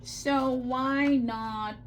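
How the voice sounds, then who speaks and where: A woman's voice: sits high, fairly even intonation, extremely slow, a little hiss or hum. Chatty South African Indian woman. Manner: chatty, repeats herself, frequent "okay" check-ins. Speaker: craft channel host. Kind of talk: casual craft tutorial.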